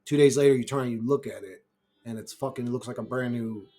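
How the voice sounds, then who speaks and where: A man's voice: mid-range voice, quick pace, dark tone, soft background music. A man talking alone on his channel in a brash, profane, rambling monologue, laughing often at his own remarks. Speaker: YouTuber.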